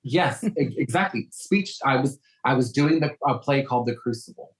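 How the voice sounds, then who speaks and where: A man's voice: medium pitch, expressive, normal speed, rough recording. A man from South Texas with a faint Southern accent, a guest talking in a casual interview, telling stories with frequent ums and restarts.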